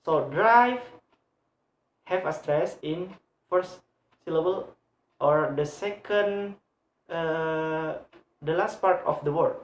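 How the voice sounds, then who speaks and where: A young man talks through a grammar lesson for a class video, slow and halting, with frequent pauses and fillers. He repeats each example word several times as he explains it. His voice carries a noticeable room echo. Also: fairly high pitch, muffled recording. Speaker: student presenter. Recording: roomy echo.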